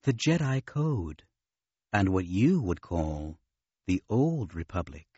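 A man reading the lines of a dignified old feathered alien woman in an audiobook, slow and measured. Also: deep voice, big pitch swings, mellow, husky, no room sound, dull audio, voice pushed down, heavily acted. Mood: solemn.

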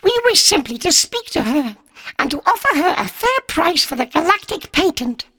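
A pedantic little furred alien speaks in a high, fluting, quavering voice that swoops and bounces. The tone is sharp and bright, and the recording is close and dry. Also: male voice, big pitch swings, moderate pace, dry recording, full character voice. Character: small furry vole-like alien leader, pedantic, sneering. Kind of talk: audiobook narration.

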